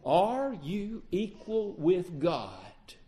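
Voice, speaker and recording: A man preaching a sermon, acting out the quoted dialogue with lively emphasis. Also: high voice, very slow.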